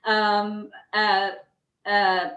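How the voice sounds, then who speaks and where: A woman's voice: mid-range voice, little pitch movement, extremely slow, fairly bright tone, reverberant, dull audio. An Irish woman hosting an interview over a video call, chatty with many fillers and restarts. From Ireland. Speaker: host.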